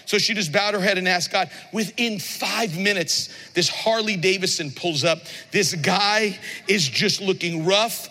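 A man's voice: sits high, a little slow, pushed and bright. A man preaching a sermon, telling stories animatedly and asking the congregation rhetorical questions. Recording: long reverb of a large hall.

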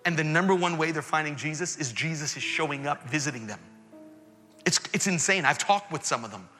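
Animated preacher in an echoey hall. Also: male voice, on the high side, brisk. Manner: animated, jumps into quoted voices and rises to near shouts. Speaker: pastor. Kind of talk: sermon. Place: church auditorium. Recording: echoey hall with faint music behind.

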